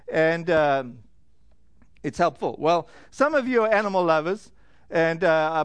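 A man preaching a sermon in a conversational, joking way, full of fillers and slowed-down emphasis. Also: high-pitched, clean tone, no room sound. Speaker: pastor.

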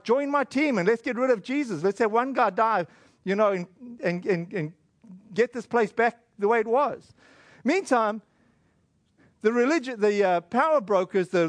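A man, giving a casual, conversational sermon that retells a scripture story, with fillers and quick acted asides. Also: high-pitched, no echo. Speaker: preacher.

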